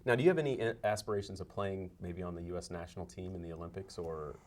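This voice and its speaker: A man hosting a sports interview show, asking questions briskly and chiming in with quick okays. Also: low-pitched. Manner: brisk, eager back-channel replies.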